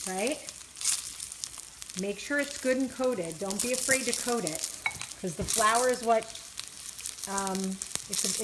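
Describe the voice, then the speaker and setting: A woman vlogger fries food at the stove in her home kitchen, chatting casually to viewers with lots of fillers and self-deprecating asides. Her voice is mid-range, and a loudly sizzling frying pan adds background noise.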